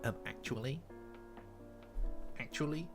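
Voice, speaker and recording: A man's voice: medium pitch, a little slow, over music. A man hosting a live stream, chatting casually and teasing his viewers. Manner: playful, bantering with chat.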